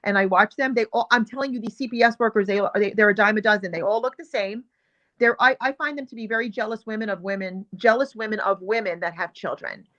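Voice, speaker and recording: A woman's voice: medium pitch, quick pace, a bit bright, muffled recording. A woman hosting a show, giving heated, emphatic commentary on video clips and repeating her points with indignation. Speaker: show host.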